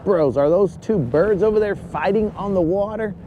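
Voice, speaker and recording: A man's voice: high voice, normal speed, muffled recording, slight background noise. A man hosting a live fishing stream from a boat on a lake. He talks in a casual, joking way and keeps calling his viewers bros. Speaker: fishing livestream host.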